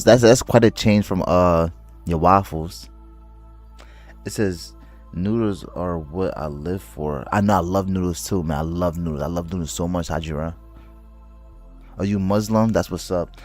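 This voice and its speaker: Casual male streamer, very low voice, slangy and excitable, stutters and restarts his words. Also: normal speed, no echo, faint music behind. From United States. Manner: loose slangy talk, calls viewers bro. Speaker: livestreamer. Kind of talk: casual livestream chat, reading viewer comments.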